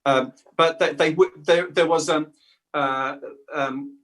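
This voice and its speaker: Brief: male guest, fairly high voice, chatty storyteller who stumbles and restarts often. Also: steady tone, takes it slowly, a bit bright. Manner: rambling, many restarts and fillers. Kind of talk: casual conversation.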